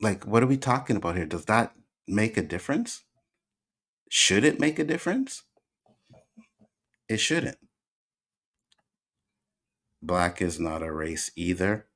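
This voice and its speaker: A man with a low, deep voice and a Canadian accent touched with Jamaican slang, hosting a livestream. He answers his chat emphatically, hammering the same points again and again. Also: big pitch swings, a little slow, long pauses, fairly bright tone. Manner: emphatic, repeats points, argues back. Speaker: host. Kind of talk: livestream commentary reacting to chat.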